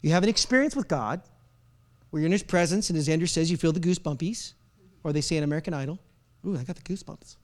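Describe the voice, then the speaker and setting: A man with a notably high voice delivers a sermon to a church congregation. He acts out the doubts of his listeners, sinking to near-whispers and then breaking into loud, emphatic lines. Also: fast. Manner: dramatic, swings from hushed whispers to loud emphatic outbursts. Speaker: pastor. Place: church service before a live congregation.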